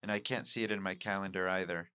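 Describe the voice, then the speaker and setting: Candid, self-questioning man with a low, bright voice. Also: fairly even intonation, fast talker, clean tone, no echo. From Mexico. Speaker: podcast host and amateur stand-up comic. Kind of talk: reflective solo monologue.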